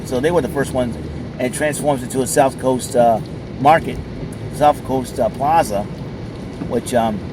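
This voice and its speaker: A man's voice: mid-range voice, fairly even intonation, a little slow, pauses often, background noise. A man chatting casually while sitting in his car at a mall, rambling along with lots of fillers. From southern New England. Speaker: vlogger. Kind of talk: casual chat.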